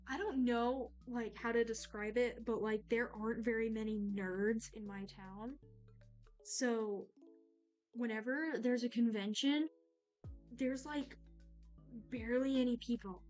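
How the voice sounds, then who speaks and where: A young adult woman chatting casually while she draws on stream, excitable and gushing, rambling with lots of fillers. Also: fairly high pitch. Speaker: art streamer. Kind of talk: casual chat while drawing.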